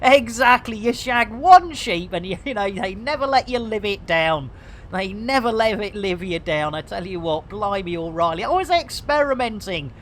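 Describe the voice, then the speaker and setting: A woman's voice: medium pitch, expressive, moderate pace, a little hiss or hum. Cheeky, sweary English woman streaming a game. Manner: cheeky, sweary banter full of British slang and rhyming slang; chatty, talks to viewers and reads chat aloud. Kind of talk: casual live-stream commentary.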